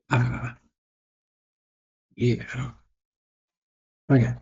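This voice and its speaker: A man's voice: mid-range voice, level tone, takes it slowly, creaky, pauses often, mellow, slightly rough, dull audio. A man thinking aloud and judging his own work as he draws, in casual narration. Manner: muttered, self-critical thinking aloud. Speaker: digital artist. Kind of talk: casual narration while drawing.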